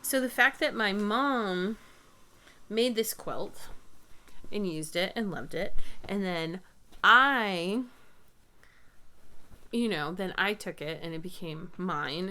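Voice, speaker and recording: A woman in her thirties hosting a knitting podcast, chatting casually and telling family stories in a warm-hearted way. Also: fairly low pitch. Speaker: podcast host. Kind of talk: casual chat.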